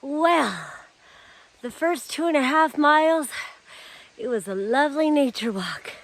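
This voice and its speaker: A middle-aged woman from Colorado, a mother, rambling through a casual monologue while high on psychedelics. She laughs often and swears freely. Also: measured pace, poor audio. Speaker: vlogger and mother. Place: outdoors in the woods.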